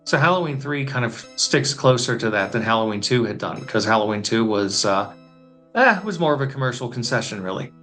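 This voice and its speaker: A man's voice: medium pitch, expressive, a little fast, pushed and bright, soft background music. A man speaking as a guest critic in a casual conversation, giving blunt, frank opinions.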